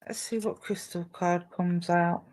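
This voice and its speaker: A woman working as a psychic medium on a live stream, talking gently and reassuringly to viewers and calling them endearments. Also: lowish voice, steady tone, unhurried. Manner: gentle, reassuring, calls listeners "my darling".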